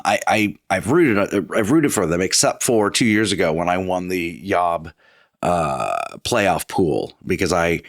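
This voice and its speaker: Low-voiced host guy, lots of ums, voice swings up and down. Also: fairly bright tone, no room sound, studio quality. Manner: moderating, halting with fillers. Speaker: podcast host. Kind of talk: casual chat.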